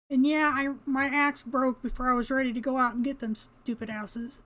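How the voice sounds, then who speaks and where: A woman's voice: high voice, a bit bright. An older woman talking casually to herself as she plays a video game, laughing often and cursing mildly at the game's creatures. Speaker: gamer. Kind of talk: casual gameplay commentary.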